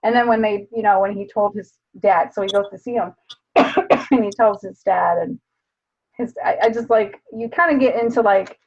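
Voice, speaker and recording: A woman's voice: mid-range voice, normal speed, breathy edge. A woman co-hosting a casual book club chat, rambling with plenty of fillers, recorded on a dull lo-fi mic.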